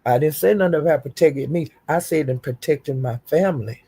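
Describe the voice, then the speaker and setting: Older woman streamer, husky and gravelly, dark tone, profane defiant rant. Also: deep voice, brisk. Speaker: YouTube streamer. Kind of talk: livestream rant.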